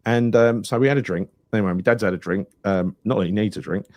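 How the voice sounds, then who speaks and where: Man, podcast host, low voice, dry sound, rambling storyteller. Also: fast, no echo. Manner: rambling anecdotal storyteller, animated retelling with quoted voices. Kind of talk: casual chat.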